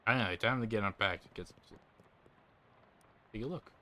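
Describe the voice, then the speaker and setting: A man's voice: lowish voice, moderate pace, bright, forceful tone, a little hiss or hum. A man casually commenting on a game and reading its text aloud as he plays. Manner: casual, offhand remarks. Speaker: gaming video host.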